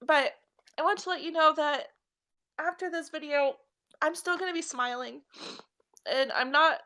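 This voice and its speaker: A young woman, a spiritual reader, crying as she speaks warmly and earnestly to viewers on a live stream. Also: high-pitched, normal speed. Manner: tearful, heartfelt, affectionate.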